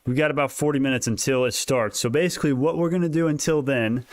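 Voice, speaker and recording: A man hosting a live stock market stream, talking excitedly, laughing often and restarting his sentences, a little out of breath. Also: medium pitch, quick pace, no room sound, clean studio sound. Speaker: stock market livestream host. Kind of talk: casual livestream talk.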